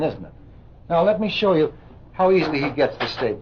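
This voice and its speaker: A man instructing doctors in a live hypnosis demonstration, giving slow soothing suggestions and lecturing with indignation. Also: medium pitch, expressive. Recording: muffled old recording with loud hiss.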